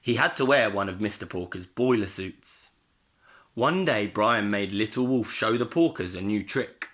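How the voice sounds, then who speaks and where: A male primary school teacher reading a storybook aloud to his pupils in an expressive way. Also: lowish voice, moderate pace.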